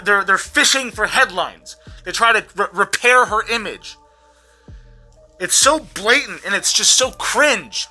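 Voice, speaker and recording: A vlogger in an angry, profanity-heavy rant, repeating words when worked up, with a voice going hoarse. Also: mid-range voice, bright, forceful tone. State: losing their voice. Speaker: vlogger recapping a trial.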